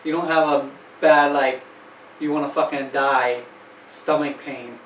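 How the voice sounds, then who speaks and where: A man with a slightly raised pitch speaks bluntly in short remarks on a casual podcast. He sounds distant in a roomy space. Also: steady tone, unhurried, a bit bright. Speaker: podcast co-host. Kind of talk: casual chat. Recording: roomy, distant mic with faint noise.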